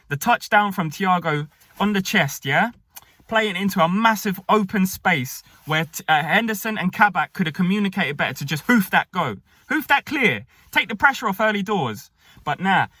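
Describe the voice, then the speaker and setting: A young man with a high, bright voice talks through a match review in a brisk, opinionated way. The sound is dry and close, with no room echo. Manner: brisk, opinionated, tags lines with "yeah?". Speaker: football fan reviewer.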